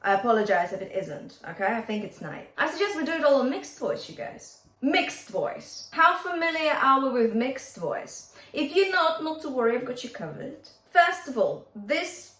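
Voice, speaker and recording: A woman's voice: high-pitched, sing-song, normal speed, hardly any pauses, a bit bright, reverberant. A woman vocal coach teaching a singing lesson, upbeat and encouraging, often checking in with her students.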